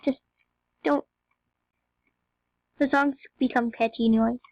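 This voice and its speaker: A woman's voice: sits high, fairly even intonation, a little slow, no room sound, muffled recording. A young female gamer chatting to viewers in a rambling, casual way as she plays. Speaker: game video narrator. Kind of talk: casual gameplay commentary.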